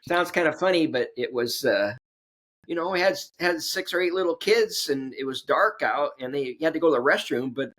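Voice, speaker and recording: A man's voice: a little high, animated, a little fast, fairly bright tone. A man, a podcast guest in casual chat, telling jokes and anecdotes with a chuckle. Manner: joking storyteller, acts out voices in anecdotes; chuckles while telling stories.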